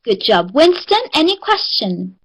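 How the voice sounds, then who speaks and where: A woman's voice: a little high, big pitch swings, a bit bright, poor audio. South African woman, online English teacher, encouraging. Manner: encouraging, drills words slowly.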